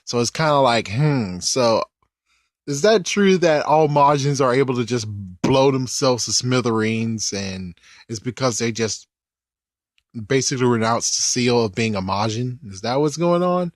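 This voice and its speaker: This is unhurried, medium-pitched male speech captured in a studio with no echo. He offers loose, lively remarks on an anime episode and keeps revising what he's saying partway through.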